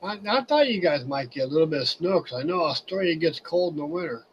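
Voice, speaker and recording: A man's voice: a little high, expressive, fast, muffled recording, noisy background. A man in casual chat, hesitant and meek, mumbling with false starts, heard off mic.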